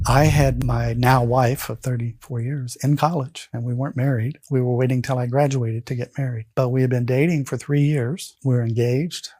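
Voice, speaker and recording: A man's voice: mid-range voice, normal speed, few pauses, breathy edge, no echo. A man in his fifties telling a personal story, acting out the voices of others as he goes. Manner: animated, acts out voices. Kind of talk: storytelling talk.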